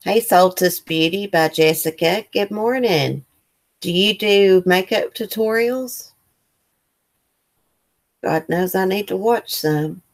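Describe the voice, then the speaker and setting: A woman's voice: mid-range voice, takes it slowly, long pauses. A woman hosting a casual morning livestream, chatting loosely and reading viewer comments aloud. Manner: loose, rambling with fillers. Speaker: livestream host. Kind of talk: casual live chat.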